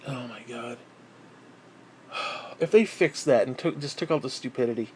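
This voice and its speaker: A man's voice: medium pitch, normal speed, husky. Fired-up man ranting, cursing freely. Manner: angry, profane, sarcastic ranting. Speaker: gaming channel host. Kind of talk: ranting game review.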